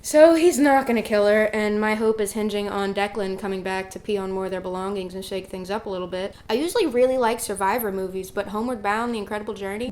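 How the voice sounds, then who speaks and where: A woman talks through the plot of a terrible movie like she is chatting with a friend. Her humor is dry and sarcastic, and she drops deadpan jokes between plot points. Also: medium pitch. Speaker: writer reviewing bad movies. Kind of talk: casual comedic movie recap.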